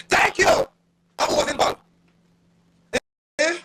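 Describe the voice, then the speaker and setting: A Jamaican man hosting a live stream, excitedly shouting hype at his viewers during a battle. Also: very high-pitched, a little fast, gravelly, pauses often, a little hiss or hum.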